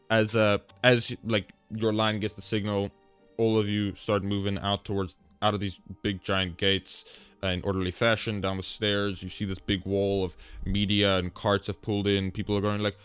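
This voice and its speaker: A man narrating a tabletop game as game master, chatty and animated, with many fillers. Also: fairly low pitch, moderate pace, clean tone, dry recording, faint music behind.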